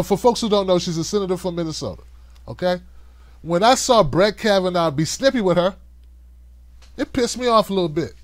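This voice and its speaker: A man hosting a livestream of political commentary, talking in an animated, conversational way and cussing freely. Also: sits high, dry recording. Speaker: host.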